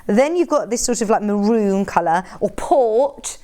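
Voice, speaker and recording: A woman's voice: mid-range voice, animated, a little slow, warm tone. A woman presenting products on a live shopping channel, chatty and upbeat, full of tag questions. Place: TV studio.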